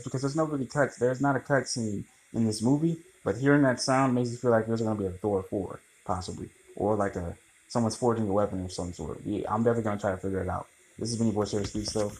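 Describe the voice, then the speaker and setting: A man rambling through a casual, animated movie review, swearing freely. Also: on the low side, a little hiss or hum, low-quality recording.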